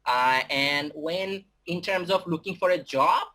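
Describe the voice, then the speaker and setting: A young man with a Bangladeshi accent, an English teacher giving a talk to students, halting with many fillers and restarts. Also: on the high side, bright, forceful tone.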